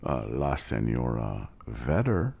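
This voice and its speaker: Podcast host, man, very deep husky voice, lively pitch, rambling. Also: takes it slowly. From Ohio, USA. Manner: rambling, hesitant, full of shout-outs. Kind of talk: casual interview chat.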